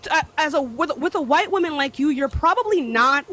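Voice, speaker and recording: Impassioned high-voiced woman, sarcastic. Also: expressive, fairly quick, a bit bright. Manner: impassioned, sarcastic repeated apologies. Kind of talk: heated livestream argument.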